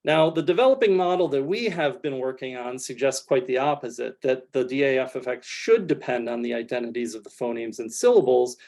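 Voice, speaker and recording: A man giving an academic research talk over slides, explaining in a measured way with frequent "kind of" fillers. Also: mid-range voice, animated, darkish tone.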